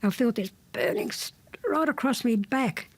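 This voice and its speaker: Blunt husky older Australian woman. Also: on the high side, expressive, normal speed. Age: 70s. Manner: blunt, plain-spoken, with dry defiance. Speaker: interviewee recounting her childhood. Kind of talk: spoken testimony, plain storytelling.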